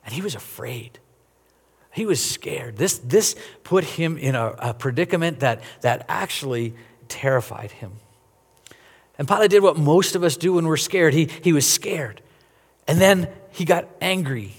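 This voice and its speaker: A man's voice: a little high, lively intonation, a little slow, slightly rough, big-room sound. A man preaching a sermon as a pastor, earnest, often repeating words as he rises and falls in volume.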